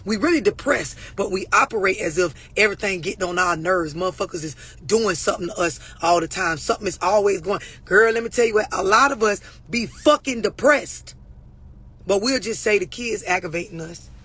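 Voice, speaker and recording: Blunt, husky-voiced woman coach. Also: medium pitch, fairly quick, a bit bright. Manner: blunt, profane, preachy, addressing viewers directly. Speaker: relationship and mental health coach. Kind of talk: unscripted talk to camera.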